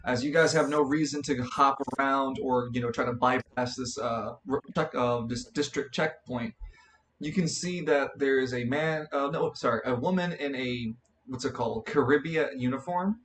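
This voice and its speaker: A man's voice: mid-range voice, moderate pace, fairly bright tone, slight background noise. Rambling young male game master. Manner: rambling narration, many fillers and restarts. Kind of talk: narrating a tabletop role-play.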